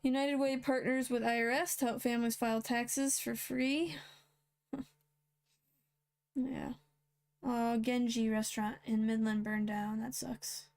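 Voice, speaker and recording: A woman with a somewhat high voice reads news headlines aloud as host. She breaks in with blunt, sarcastic remarks in a casual, unscripted way. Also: fairly even intonation, a little slow, pauses often, darkish tone. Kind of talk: reading and commenting on news headlines.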